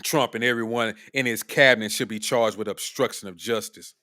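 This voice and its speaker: Blunt, profane, bright-voiced male streamer. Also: on the low side, fairly quick. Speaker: streamer host. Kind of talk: live political commentary.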